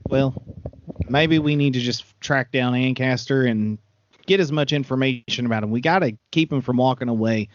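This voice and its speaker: A man playing a tabletop horror game in character, brisk and practical as he sums things up. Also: mid-range voice. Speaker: player. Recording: dry, slightly muffled audio.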